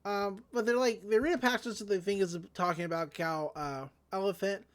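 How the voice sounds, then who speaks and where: A woman co-hosting a casual recap chat, swearing freely and acting out characters in quick voices. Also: medium pitch, fairly even intonation. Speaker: podcast co-host.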